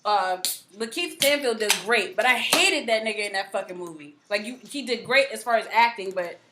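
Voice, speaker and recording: A woman's voice: mid-range voice, expressive, brisk. A woman co-hosting a casual podcast, talking bluntly with fillers and laughs. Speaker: podcast co-host. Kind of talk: casual chat. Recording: echoey room with faint noise.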